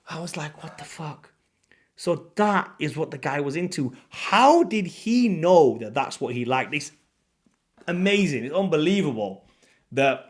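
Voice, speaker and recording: A man telling a story to camera in a casual vlog, animated and blunt, swearing freely and acting out the moments. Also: mid-range voice. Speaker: vlogger.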